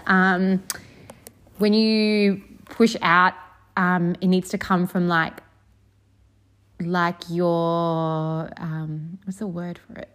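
A woman's voice: lowish voice, takes it slowly, clear, resonant tone. A young woman vlogger casually telling a personal story, chatty and full of "um" and "like".

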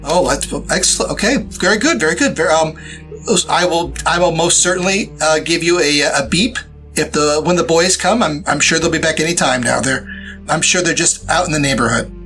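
A man's voice: a little high, brisk, sharp tone, soft background music. A man voicing a polite, flustered older homeowner in her sixties who stammers as she talks. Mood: flustered politeness.

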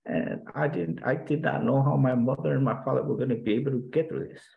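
Man, interview guest, gravelly voice, halting, many restarts, earnest storytelling. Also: mid-range voice, phone-quality sound. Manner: earnest, reflective recounting.

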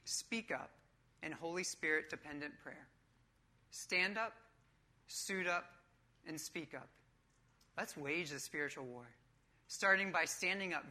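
A woman's voice: sits low, bright, forceful tone. A woman preaching a sermon in a church, emphatic and coach-like with casual asides.

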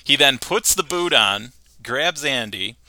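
A man hosting a podcast, recapping a cartoon episode with animated storytelling and frequent laughter. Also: medium pitch, measured pace, noisy background. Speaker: podcast host.

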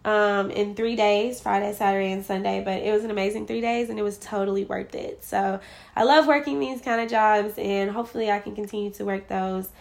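A woman's voice: medium pitch, a little fast, vocal fry. A young woman telling a story in a casual vlog, acting out the dialogue with lots of fillers. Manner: animated, acts out quoted dialogue, frequent "like" fillers. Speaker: vlogger.

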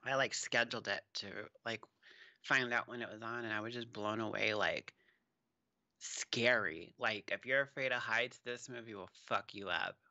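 A man co-hosting a podcast, recapping movies in animated, profane casual chat. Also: on the low side, moderate pace, dry recording, dull audio. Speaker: podcast co-host.

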